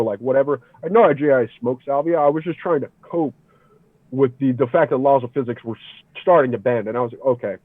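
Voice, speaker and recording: A man from the Philadelphia area, a podcast guest, telling a trip story in a casual, animated way, swearing a lot and saying "dude" and "like" all the time. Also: medium pitch, no echo. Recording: tinny phone-like sound, dry.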